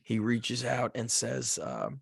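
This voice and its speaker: Taking it slowly at medium pitch, this male podcast host spins an animated, casual story, full of "like" as he performs the yelling. His voice carries a gravelly fry, and the sound is dry and close, without any room around it.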